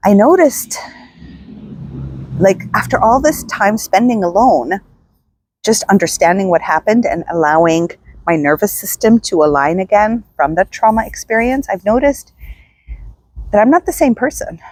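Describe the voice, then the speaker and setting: Husky-voiced woman telling a personal story. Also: medium pitch, lively intonation, a little mellow, dry recording. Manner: reflective, halting, restarts often. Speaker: self-help vlogger.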